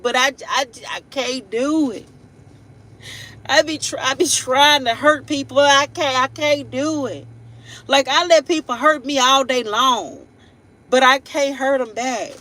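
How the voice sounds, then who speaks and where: Bright-voiced woman giving a chatty tarot reading. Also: high voice, low-quality recording. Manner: rambling and chatty, with laughing asides and repeated tag questions; blunt and playful, with slangy everyday speech. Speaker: tarot reader and live-stream host. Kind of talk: casual live-streamed horoscope reading.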